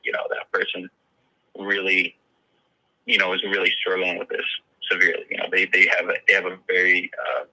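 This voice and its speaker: A man with a very low, husky voice that still has a sharp, bright edge. He talks in a halting way, stacking fillers and restarting his sentences as he practices his testimony. The sound is a little thin, like it came over a phone line. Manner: hesitant, many fillers and restarts. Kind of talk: coached interview practice.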